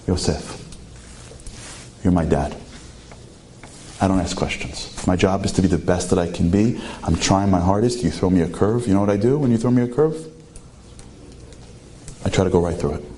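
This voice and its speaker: A man voicing a devout, ruined immigrant man who prays quietly and earnestly. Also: low-pitched, normal speed, long pauses, slight background noise, natural voice. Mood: hushed devotion.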